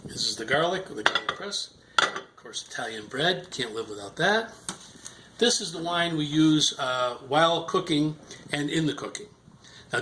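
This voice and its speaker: A man's voice: mid-range voice, background noise. Older man, chatty home cook, rambling demo style; echoey kitchen, sizzling pan audible. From Ireland. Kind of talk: casual cooking demonstration.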